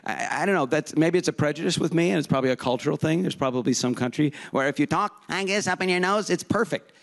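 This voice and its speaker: A man's voice: fairly high pitch, creaky. A man, a voice impressionist, giving a rambling, self-deprecating conference talk on stage before a live audience. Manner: rambling, self-deprecating, slips in quick voice demos.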